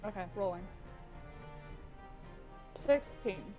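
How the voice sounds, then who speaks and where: A woman's voice: medium pitch, lively intonation, extremely slow, music in the background. A young woman playing a tabletop game with friends, joking playfully and laughing between lines. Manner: giggly and playful. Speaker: player. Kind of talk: casual tabletop game chat.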